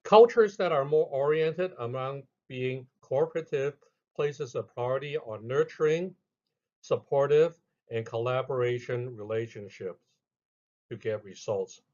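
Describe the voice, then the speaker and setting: A man narrating a scripted lesson in a measured way, reading out each heading with emphasis. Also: mid-range voice, a little mellow, lo-fi sound. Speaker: instructor.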